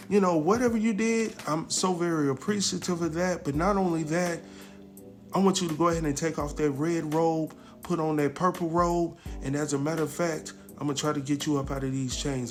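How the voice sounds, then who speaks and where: Man, casual recap host, slangy, acts out quotes, fairly high voice, faint music underneath.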